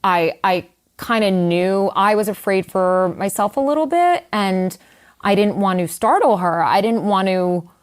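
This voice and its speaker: A woman's voice: mid-range voice, animated, a little slow, clear, resonant tone. A middle-aged woman, a writer, telling a personal story in an interview in a candid, conversational way with many fillers and asides. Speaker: guest writer.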